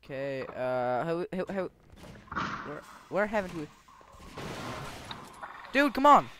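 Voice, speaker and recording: A young man playing a horror game with a friend, jumpy and quick to shriek and laugh. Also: fairly high pitch, big pitch swings, background noise. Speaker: game player. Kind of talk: casual gaming chat.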